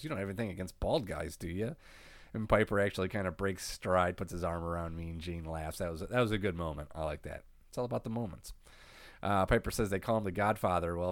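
A very low-pitched man in casual conversation, unhurried and cursing now and then. He sounds like he is getting over a cold. The recording is dry and close, with no room sound. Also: no echo. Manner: laid-back, swears freely, laughs often. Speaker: podcast co-host recapping wrestling. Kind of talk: casual chat.

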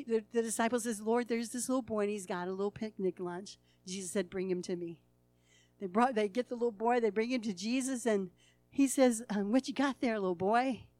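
A woman preaching a sermon in a folksy, storytelling way, laughing at times, acting out the people in the story and swinging between hushed and loud passages. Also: fairly high pitch, dry recording.

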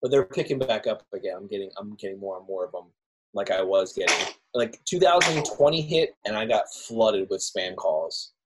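A man co-hosting a podcast, chatting in a laid-back, even-tempered way. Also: lowish voice, moderate pace, heavy background noise. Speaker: podcast co-host. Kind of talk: casual chat.

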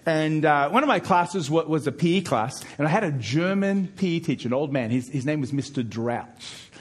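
A middle-aged man preaching a sermon as pastor, emphatic, with frequent repeated words as he pushes key points louder and higher. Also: expressive, normal speed, breathy edge.

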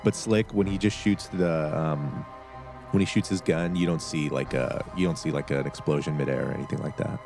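A man's voice: a bass voice, fairly even intonation, moderate pace, vocal fry, over music. A man running a tabletop game as game master, rambling with many fillers and laughing often.

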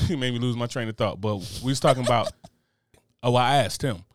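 A middle-aged man talking quickly and loosely in a casual chat. He tells his stories with energy and slips into the voices of the people he quotes. The sound is dry and close, with no room in it. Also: medium pitch, no echo. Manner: animated storytelling, acts out quoted voices.

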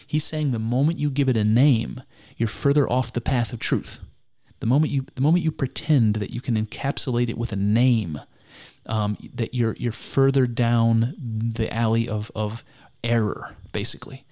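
A man's voice: mid-range voice, mellow. Earnest man musing aloud. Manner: musing, earnest, halting with many restarts. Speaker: speaker discussing mysticism. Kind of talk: reflective spoken commentary on a text.

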